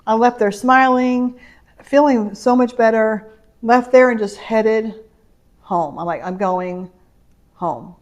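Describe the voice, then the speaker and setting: A woman's voice: on the high side, slow pace, dull audio. Chatty middle-aged woman vlogger. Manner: chatty, rambling storytelling with laughs. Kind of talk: casual haul vlog chat. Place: home. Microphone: camera mic.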